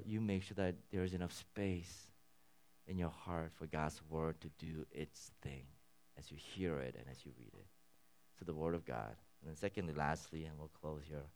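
Man preaching, lively rising and falling pitch, earnest and emphatic, drops to a near hush at times. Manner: earnest, swings between loud emphatic peaks and soft low passages. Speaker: pastor. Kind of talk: sermon.

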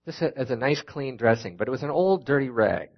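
A man's voice: mid-range voice, lively intonation, fairly quick, muffled recording. Folksy Minnesota-accented man preaching. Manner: folksy, self-deprecating humor. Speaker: guest preacher. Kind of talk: sermon with personal stories. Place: church sanctuary.

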